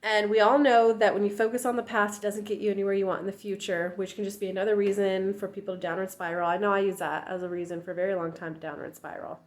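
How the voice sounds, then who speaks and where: A woman relationship coach in her thirties talking casually to viewers, candid and lively, acting out quoted voices. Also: fast talker, few pauses. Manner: candid, acts out quoted voices in a higher pitch.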